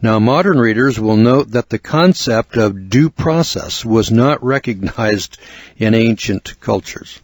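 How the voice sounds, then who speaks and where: An older American man narrating a spoken book review in a measured, earnest lecturing way with asides. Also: medium pitch, animated, no room sound. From United States.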